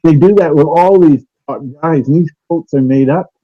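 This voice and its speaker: A man's voice: fairly high pitch, moderate pace, lo-fi sound. A man talking casually over a remote call, hesitant and full of fillers and restarts. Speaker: guest on a call-in talk stream. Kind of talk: casual conspiracy talk. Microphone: remote call audio.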